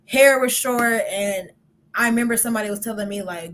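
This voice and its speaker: A woman's voice: a little high, brisk, a bit bright, slight background noise. A young woman hosting a podcast in casual chat, talkative and laughing often, with many "like" fillers. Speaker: podcast host.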